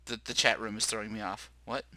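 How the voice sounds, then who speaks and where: A man's voice: on the low side, little pitch movement, quick pace, crowd noise, rough recording. A man hosting a podcast in casual banter, joking and self-deprecating as he rambles through his week. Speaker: podcast host.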